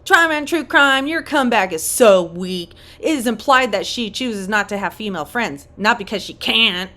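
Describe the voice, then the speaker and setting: Lady doing a snippy high mocking commenter, smug and combative, comment read aloud. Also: animated, moderate pace, bright, forceful tone.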